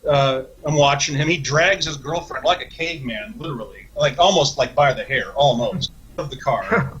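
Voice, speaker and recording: A man's voice: mid-range voice, normal speed, fairly bright tone, lo-fi sound. A man, a podcast guest, telling a long, profane story in a rambling, casual way, with many restarts.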